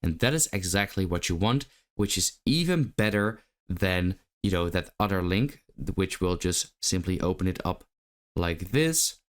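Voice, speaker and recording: A man's voice: deep voice, expressive, measured pace. A man hosting a casual tutorial, walking through app steps in a chatty way with lots of fillers. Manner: chatty, step-by-step, frequent fillers. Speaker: tutorial host. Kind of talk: casual screen-recording tutorial.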